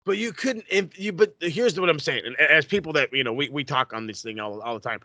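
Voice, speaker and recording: Man, podcast co-host, casual chat, animated swearing, bright tone, dry close sound. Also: on the high side, fairly quick, no echo. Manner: animated, profane, loud mocking impressions.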